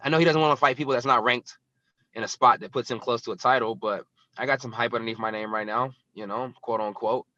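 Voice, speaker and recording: A young man talking fast and bluntly, rambling with plenty of fillers. His voice is bright and forceful, and the dry, dull call audio adds a lo-fi edge. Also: mid-range voice, steady tone, no room sound. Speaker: guest fighter. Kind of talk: casual interview talk.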